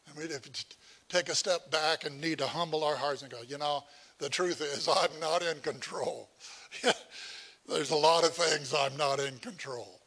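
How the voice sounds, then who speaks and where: A man's voice: fairly high pitch, a little slow, a bit bright, husky. A middle-aged man preaching a sermon as pastor, folksy and conversational, with asides to the congregation.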